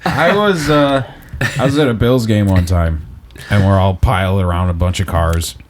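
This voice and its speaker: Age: adult. Sex: man. Role: podcast co-host. Style: casual chat, profane, laughing storyteller. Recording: steady background noise. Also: low voice, normal speed. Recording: noisy background hiss.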